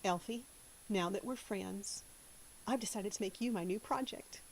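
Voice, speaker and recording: A woman's voice: mid-range voice, moderate pace, slight background noise, lightly acted, rough recording. A woman with a put-on Southern accent voicing a prissy, perky young good witch and singing her part over a backing track.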